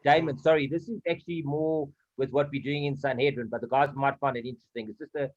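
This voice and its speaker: A man's voice: medium pitch, fairly even intonation, quick pace, muffled recording. A man in a casual study group asking eager questions. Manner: asks questions eagerly, rising and falling.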